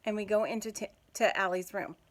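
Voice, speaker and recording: A woman's voice: medium pitch, fairly even intonation, brisk. A woman in her thirties, a mom telling a family story in a chatty, giggly vlog style. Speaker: mom vlogger.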